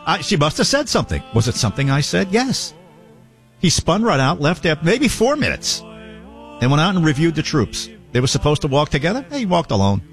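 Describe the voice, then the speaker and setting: Lively joking male talk host. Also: a little high, a little fast, soft background music. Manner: joking, animated riffing with laughs. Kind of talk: comedic commentary.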